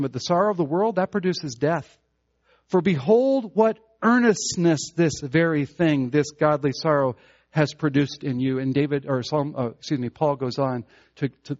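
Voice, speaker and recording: An earnest male preacher delivering a sermon, with frequent restarts and surges into loud, fervent emphasis. His voice sits a little higher than most men's. The recording sounds muffled and lo-fi. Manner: earnest, many restarts, rising to loud fervor.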